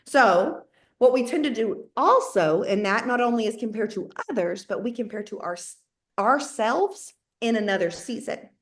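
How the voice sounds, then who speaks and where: Lady with a high voice hyping up her sales team, folksy and full of energy. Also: animated, normal speed. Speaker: network marketing team leader.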